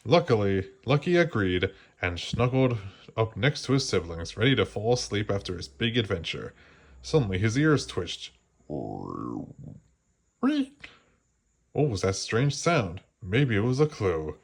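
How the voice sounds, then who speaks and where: A man reading a children's storybook aloud, gently slowing down for the suspenseful parts. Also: fairly low pitch, big pitch swings, slightly rough. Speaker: storybook reader. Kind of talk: children's read-aloud narration.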